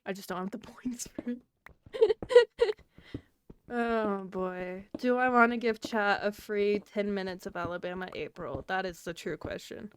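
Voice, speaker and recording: A woman's voice: medium pitch, sing-song, unhurried, clear, resonant tone, dry recording. A woman streaming live, chatting casually and scatteredly with her chat and laughing often.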